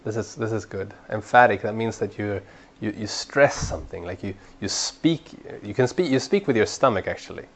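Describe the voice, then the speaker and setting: A man teaching a training class in an earnest way, repeating words as he builds a point and growing animated when he urges people on. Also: on the low side, moderate pace. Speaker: Bible study trainer.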